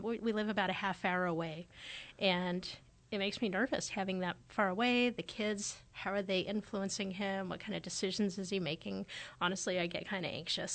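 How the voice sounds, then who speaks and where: A woman's voice: medium pitch, fairly bright tone. Woman, forties, podcast host; conversational, reflective delivery. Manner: conversational and thoughtful, often acting out quoted remarks. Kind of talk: casual reflective podcast talk.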